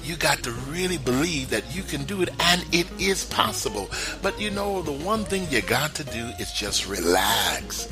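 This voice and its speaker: A man hosting a spiritual broadcast, talking straight to listeners in a lively, chuckling way. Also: medium pitch, normal speed, music in the background. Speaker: spiritual talk show host. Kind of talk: inspirational radio talk.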